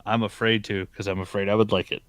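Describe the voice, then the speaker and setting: A man's voice: lowish voice, level tone, quick pace, dry recording. A man co-hosting a geek podcast, telling an anecdote with casual cursing. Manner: storytelling with profane emphasis. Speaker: podcast co-host. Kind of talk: casual chat.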